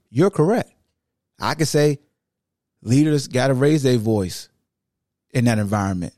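A man hosting a sports podcast, talking casually in an animated monologue that swings from loud calls to low asides. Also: measured pace, pauses often, no room sound, clean studio sound. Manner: casual, conversational phrasing. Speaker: podcast host.

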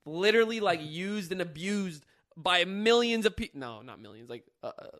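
A young man hosting a casual chat and telling a story in an animated way, full of fillers and swearing. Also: sits high, normal speed. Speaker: YouTuber host.

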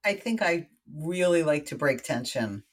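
An American woman guesting on an interview show tells a personal story in easygoing conversation, animated and chatty, with wry little asides throughout. Her voice sits low with a breathy edge, and her pace is measured.

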